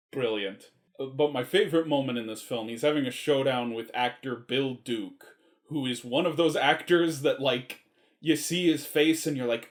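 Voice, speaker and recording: A man's voice: mid-range voice, unhurried. Male movie reviewer, casual and rambling, enthusiastic, salty language. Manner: rambling and enthusiastic, swears freely.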